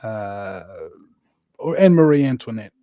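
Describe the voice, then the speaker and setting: A New man talking as a guest, voice of medium pitch. He rambles and presses his points with lots of fillers and restarts. The sound is close and dry, with no room around it. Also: lively intonation, measured pace, warm tone, no room sound. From New Zealand. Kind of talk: casual conversation.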